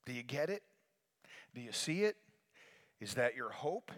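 A man preaching a sermon as pastor, swinging from hushed lines to loud calls for the congregation to repeat after him. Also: mid-range voice, very animated, unhurried. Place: church sanctuary. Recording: long reverb of a large hall.

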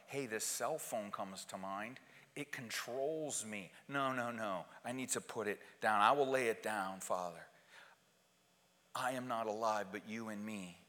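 A man preaching a sermon as pastor to his congregation, slowly and emphatically, with repeated phrases. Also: lowish voice, pushed and bright. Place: church sanctuary. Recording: long hall reverb in a church.

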